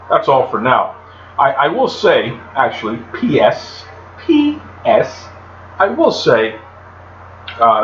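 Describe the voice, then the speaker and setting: A man hosting a solo podcast in a chatty, animated way, talking about himself by name. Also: medium pitch, slight background noise. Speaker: podcast host. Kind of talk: solo wrestling podcast talk. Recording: roomy, dull lo-fi home recording.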